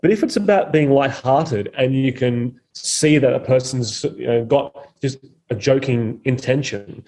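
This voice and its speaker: In a casual podcast chat, a male comedian guest holds forth bluntly and with strong opinions, swearing freely. His voice is relaxed and mellow, pitched in an ordinary middle range, and his pace is a little slow.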